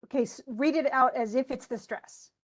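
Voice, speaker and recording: A woman's voice: sits high, normal speed. A woman teaching an English class, reading a poem aloud and then explaining its stresses with frequent restarts. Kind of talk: classroom lesson.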